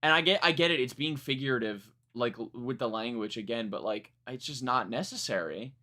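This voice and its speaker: A young man with a bright, forward voice gives a live song reaction in casual chat. He rambles, restarts his sentences and swears freely as he picks apart the lyrics. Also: medium pitch, fairly quick. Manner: rambling, self-correcting, frank and profane. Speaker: music reaction streamer.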